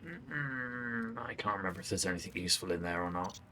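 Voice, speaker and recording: A man's voice: sits low, animated, fairly quick, bright, forceful tone, slight background noise. A man streaming a video game live, chatting wryly and talking back to the characters on screen. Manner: chatty, wry, talks to the screen. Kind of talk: live gameplay commentary.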